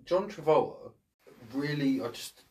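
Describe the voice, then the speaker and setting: A man's voice: a little high, expressive, measured pace, darkish tone. Blunt, sweary man ranting. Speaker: podcast co-host. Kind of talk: casual film review chat.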